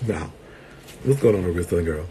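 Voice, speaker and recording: A man in a casual vlog who talks to his viewers in a sassy, playful way and laughs often. He calls them girl and sweetheart, and swings between loud bursts and quiet asides. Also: low-pitched, expressive, a little fast, slight background noise. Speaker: vlogger and entertainer.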